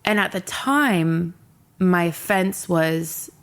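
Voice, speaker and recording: A woman's voice: on the low side, animated, takes it slowly. A young woman hosting a podcast, telling a personal story candidly and emotionally, swearing freely. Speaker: podcast host.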